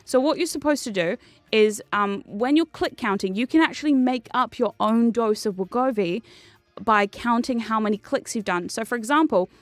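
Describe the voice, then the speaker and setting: A woman's voice: fairly high pitch, moderate pace, no echo. A young woman, telling a story casually and animatedly while she streams a game, with some swearing. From New Zealand. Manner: animated and swearing, with bursts of laughter.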